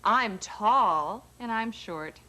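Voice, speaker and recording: A woman reading a scripted language course dialogue with a clear, careful delivery. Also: a little high, expressive, drawn-out words, bright, forceful tone.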